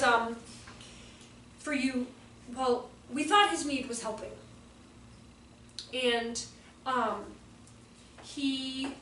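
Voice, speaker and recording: A woman's voice: high-pitched, a bit bright, a little hiss or hum. A woman presenting a live workshop for teachers, telling chatty stories and acting out quotes in voices, recorded in a room with an audience. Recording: echoey room, distant mic, faint ambience.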